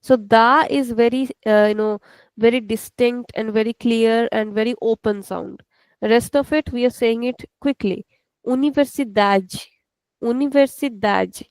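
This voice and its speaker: A woman with an Indian English accent teaches a class over a video call. She explains patiently, step by step. Her voice is a touch high, with a gravelly edge, and the sound is dry and close. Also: steady tone, moderate pace, dry recording, poor audio. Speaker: language teacher.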